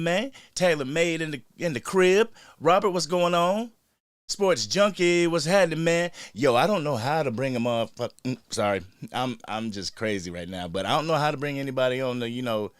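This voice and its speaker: A hyped-up man hosting a live reaction stream, worked up and talking fast as he greets the chat. His voice sits at an ordinary middle pitch and sounds dry and close, with almost no room around it. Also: a bit bright, no echo. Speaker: fan channel host.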